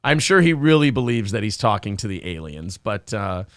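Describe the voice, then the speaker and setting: A man's voice: fairly low pitch, very animated, a little fast, no room sound, studio quality. A man co-hosting a morning talk show, joking crudely and reading viewer comments aloud. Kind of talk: crude casual banter.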